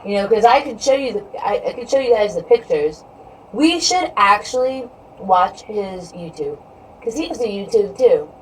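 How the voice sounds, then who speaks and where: A woman chats casually with viewers on a live stream, hopping between topics and peppering her talk with "you know." Her voice is medium-pitched and animated at a normal pace, picked up by a distant mic with faint background noise.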